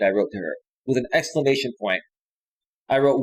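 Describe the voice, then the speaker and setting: A middle-aged man coaching on dating in a live stream monologue, telling a story with lively delivery and reading messages aloud. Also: mid-range voice, moderate pace, long pauses, rough recording. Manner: animated storytelling, reads messages aloud in a raised voice.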